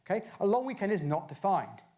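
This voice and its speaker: A man's voice: high voice, very animated, fast talker, warm tone. A man from Bristol gives a chatty conference talk, firing rhetorical questions at a live audience. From Bristol, England. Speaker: conference speaker. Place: conference stage.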